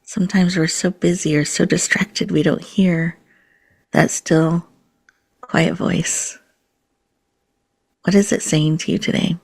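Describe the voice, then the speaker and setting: A woman hosting a podcast, leading listeners through a slow, soothing mindfulness and breathing exercise. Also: on the low side, steady tone, gravelly, a little mellow, husky. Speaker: podcast host.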